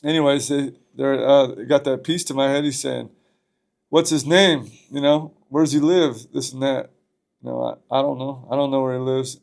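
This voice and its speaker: A man's voice: mid-range voice, fairly even intonation, normal speed, vocal fry, a little mellow. A man, a podcast guest, telling a story from his past in a loose, profane, casual way.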